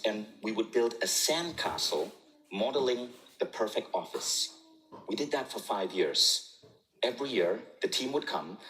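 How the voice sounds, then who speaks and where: A man in his forties telling a story to a live audience as a keynote speaker, animated and often chuckling. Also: on the low side, poor audio. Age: 40s. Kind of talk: storytelling talk on stage.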